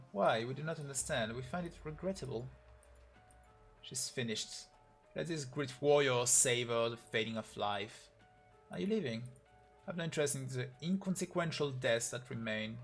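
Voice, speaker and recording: A man's voice: mid-range voice, slightly rough. A man on a live stream reading a game's story aloud, voicing every character in his own voice and getting emotional.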